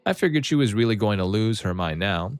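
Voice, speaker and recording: A man reading out reader-submitted stories in a steady, matter-of-fact scripted narration. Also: on the low side, brisk, no echo. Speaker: story channel narrator.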